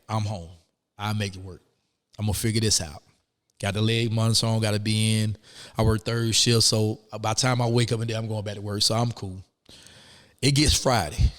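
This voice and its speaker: Speaking in a large hall, a man with a voice on the low side tells his story as a guest in a casual interview. He's animated, voicing the people he quotes.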